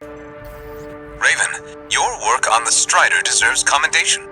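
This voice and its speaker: A courteous corporate liaison. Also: male voice, mid-range voice, slow pace, pushed and bright, faint music behind. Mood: genial, formal. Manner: polished, formal and genial. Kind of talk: video game dialogue.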